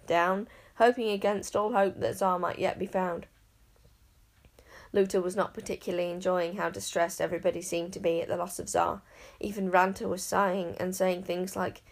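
Woman narrator, lively dramatic storybook reading, mid-pitched voice. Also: poor audio. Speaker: audiobook narrator.

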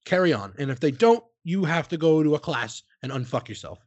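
A man's voice: on the high side, a little fast, dry recording, highs cut off. A young American man in casual podcast banter, talking crudely and laughing often. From United States. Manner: laughs a lot, animated and crude.

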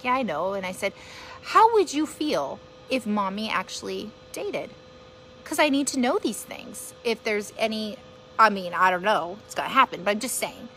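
Mom talking straight to her viewers, earnest and rambly, slightly high voice, faint room hum behind. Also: fairly bright tone. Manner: earnest, rambling, encouraging, speaks straight to listeners. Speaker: podcast host and mother. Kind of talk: casual motivational monologue from a live stream.

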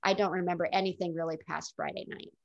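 A woman's voice: on the low side, steady tone, fast talker, gravelly. A middle-aged woman telling her own story in an interview, in a candid and reflective way. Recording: dull lo-fi recording.

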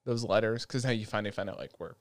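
A man hosting an anime podcast in casual chat, excitable and profane, laughing often. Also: lowish voice, fast, gravelly, no room sound. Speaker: podcast host. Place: at home, talking over Discord.

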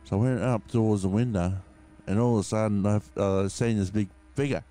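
An Australian podcast host with a very low, mellow voice tells a story in loose, casual chat. He rambles, leans on fillers, and swears freely. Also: fairly even intonation, brisk, soft background music.

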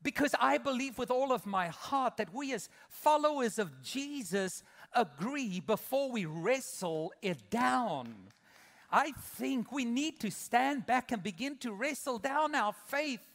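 A middle-aged man preaching a sermon as pastor, swinging from loud emphatic peaks to soft intimate asides. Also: very high-pitched, animated, slow. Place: large church auditorium. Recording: long hall reverb.

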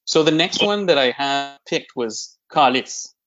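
A man, explaining slang in a relaxed, hesitant, casual podcast chat. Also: medium pitch, measured pace, soft background music. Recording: slightly muffled lo-fi audio.

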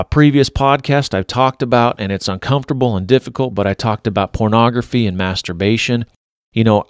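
A man's voice: fairly low pitch, smooth, no echo, studio quality. A man preaching on a devotional podcast, earnest and exhorting, often restarting his sentences.

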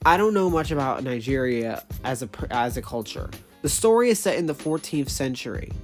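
Rambling casual talker, faint music behind. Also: medium pitch. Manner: rambling, with many fillers and self-corrections; casual, swears freely. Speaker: creator explaining their own characters. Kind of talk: casual unscripted talk.

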